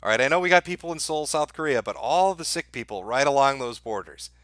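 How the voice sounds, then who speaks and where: A man hosts a live stream and addresses his chat directly in a sarcastic, crude, profanity-laced commentary. His voice is forceful and bright at a middling pitch. The recording is dry, with no room sound around him. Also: expressive, fast, dry recording.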